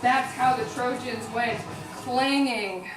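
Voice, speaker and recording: A woman's voice: on the high side, slow, recorded from a distance, noisy background. A woman with a Chicago accent performs an ancient epic as live storytelling, breaking off for casual, laughing asides. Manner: casual asides and laughter between recited lines. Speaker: performer-translator. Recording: echoey hall recorded from afar.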